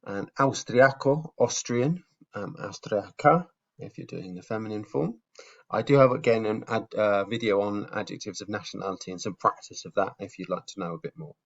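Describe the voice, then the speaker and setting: Low, gravelly male teacher, patient and step-by-step, dull lo-fi sound. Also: moderate pace. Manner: patient, explains step by step with fillers. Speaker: Spanish teacher. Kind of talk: casual video lesson.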